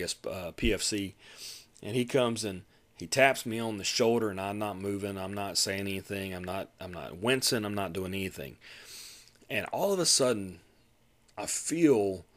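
Low-voiced man telling a rambling story. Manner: rambling, many restarts, rises to animated retelling of quotes. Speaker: podcast host. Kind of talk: casual personal storytelling.

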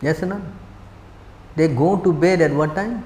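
A man delivers a sermon-style spiritual class in a temple hall, his voice sitting high for a man. He is emphatic and keeps pressing his listeners with short rhetorical questions. The room is echoey, and each phrase trails off in a long reverb. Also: unhurried, darkish tone, a little hiss or hum. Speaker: spiritual teacher giving a class.

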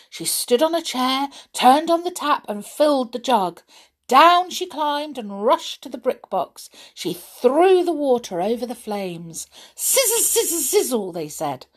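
A woman reading a children's story aloud, expressive, with dramatic gasps. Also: high-pitched.

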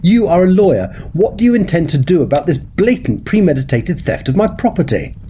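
A man reading the part of an indignant Victorian gentleman who demands to know what will be done about his stolen property. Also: mid-range voice, big pitch swings, a little fast, slight background noise, natural voice. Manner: scolding, demanding.

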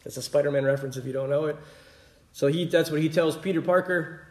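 A man's voice: a little high, steady tone, quick pace. Conversational male preacher, echoey room. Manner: conversational, keeps asking "right?". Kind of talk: sermon.

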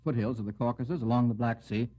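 A man hosts a radio quiz in a slightly husky voice, genially calling on panelists by name with a wry touch. The sound is dull and muffled, like a 1940s broadcast. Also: medium pitch, fairly even intonation, fast, warm tone. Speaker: quiz show host.

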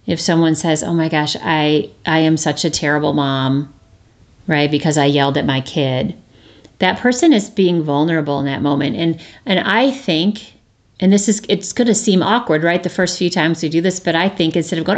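A woman's voice: deep voice, normal speed. A woman in her thirties hosting a reflective solo talk, earnest and conversational, often restarting and tossing in a rhetorical "right?". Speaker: podcast host.

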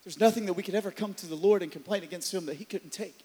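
A man preaching a sermon as pastor, swinging from loud, driven passages to hushed ones. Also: sits high, rapid-fire. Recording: long hall reverb.

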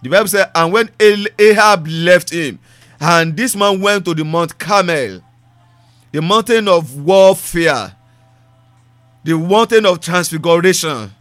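A man's voice: sits high, unhurried, fairly bright tone, dry recording, soft background music. A man preaching a sermon, building emphasis through repeated phrases and loose grammar. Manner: preaching with repetition and rising emphasis.

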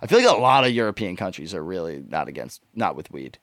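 A young man, chatting as a podcast co-host in an animated, fidgety way and swearing often. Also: sits low, fast, dry recording. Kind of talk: casual chat.

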